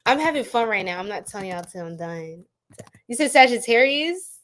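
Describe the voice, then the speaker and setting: A woman's voice: on the high side, lively intonation, normal speed, fairly bright tone. Playful, laughing woman tarot reader. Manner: laughing a lot, playful, chatty. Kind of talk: live-stream chat with viewers.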